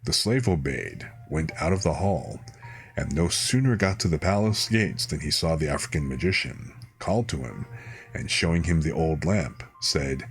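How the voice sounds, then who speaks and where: A man calmly reading a fairy tale aloud as a bedtime story, unhurried, with small slips he corrects. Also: a bass voice, gravelly, faint music behind. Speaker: streamer reading fairy tales.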